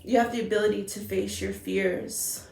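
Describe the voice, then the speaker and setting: Woman tarot reader, earnest and emotional, middle pitch, roomy echo around her voice. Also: steady tone, normal speed, creaky, a little mellow. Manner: earnest, emotional, repeats phrases. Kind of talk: spiritual tarot reading.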